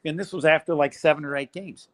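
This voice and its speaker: An older man, a college basketball play-by-play announcer, telling animated stories as a podcast guest. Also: fairly high pitch, quick pace. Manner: animated storyteller, acts out quoted voices. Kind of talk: storytelling in a podcast interview.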